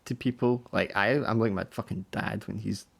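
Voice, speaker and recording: A British man with a low, gravelly voice talks slowly and deliberately on a voice call. He drops casual swears without fuss and takes his time getting sentences out. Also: steady tone, a bit bright. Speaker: player in an online tabletop game group. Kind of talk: casual chat over voice chat. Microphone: voice chat mic.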